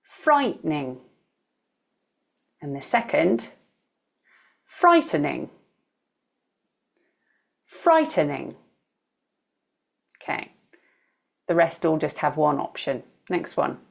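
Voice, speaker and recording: A woman teaching English with a British accent, reading each word out slowly and clearly and stressing its syllables in a pronunciation drill. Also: sits low, a little mellow.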